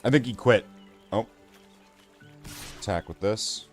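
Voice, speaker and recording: Low-voiced man rambling over gameplay. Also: slow pace, soft background music. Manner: rambling, talks himself in circles. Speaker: streamer. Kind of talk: casual gameplay commentary.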